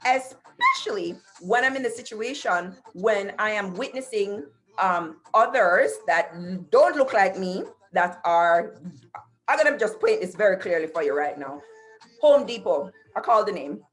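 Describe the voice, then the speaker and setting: Expressive and a little slow, this medium-pitched woman's voice reaches listeners through a computer mic on a video call. She's a middle-aged talk show host delivering a casual monologue, telling stories with emphasis and addressing her audience directly.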